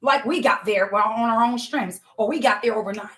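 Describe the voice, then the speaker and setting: A woman's voice: a little high, normal speed, sharp tone. A woman giving a fervent testimony sermon, preaching to her listeners and often calling them y'all.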